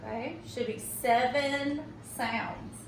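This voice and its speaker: A high-voiced woman teaches reading at an unhurried pace, pausing often to ask "okay?". Her voice sounds set back from the microphone in a room with noticeable echo. A faint background hum sits under her speech. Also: fairly even intonation. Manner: slow and patient, checks in with "okay?". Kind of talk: recorded phonics tutorial. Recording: echoey room, mic at a distance.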